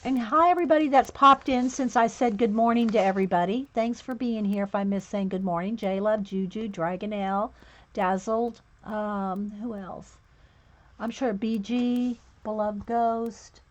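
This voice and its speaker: A woman's voice: mid-range voice, fairly even intonation, normal speed. A woman hosting a casual livestream, chatting and greeting viewers by name one after another, with a slight lilt. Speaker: livestream host. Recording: dull lo-fi stream audio.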